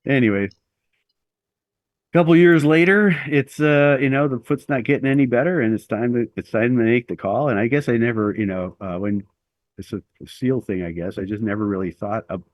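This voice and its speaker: A man's voice: medium pitch, brisk, no room sound. A middle-aged man telling a long personal story as an interview guest, rambling and self-deprecating with lots of fillers.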